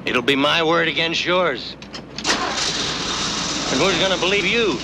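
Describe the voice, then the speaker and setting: A scornful, sneering man in a clip from an old crime film. His voice sits fairly high and swings widely in pitch. It comes through a noisy film soundtrack with loud traffic and engines. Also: animated, a little slow. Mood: taunting. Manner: taunting, contemptuous. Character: adult man taunting a cop.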